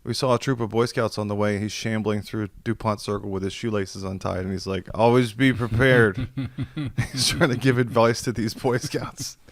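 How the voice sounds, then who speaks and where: A man's voice: fairly low pitch, steady tone, fairly quick, gravelly, few pauses, dry recording. A man telling a long funny story in casual chat over a video call, acting out the quotes and laughing often. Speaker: podcast guest. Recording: dry video call audio.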